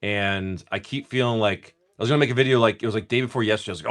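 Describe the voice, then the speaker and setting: This man's lowish voice races along very fast with a slightly bright edge. He hosts a card-breaking livestream, ripping open trading card packs while chatting in a laid-back, rambling, profane way and restarting his sentences a lot.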